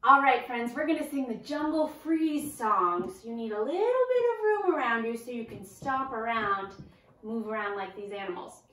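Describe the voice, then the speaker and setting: A children's librarian, a woman, reading a picture book aloud to children in an animated, playful way and inviting them to join in. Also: on the high side, moderate pace. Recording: roomy echo.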